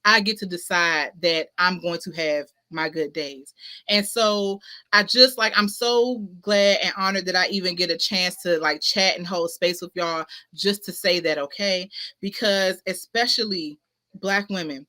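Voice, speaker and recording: Woman, streamer host, bright voice, casual motivational talk, emphatic, slangy, repetitive. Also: fairly low pitch, steady tone, unhurried. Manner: emphatic, preachy, repeats phrases with slang. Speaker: host of a spiritual talk show. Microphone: ring light setup, webcam-style stream.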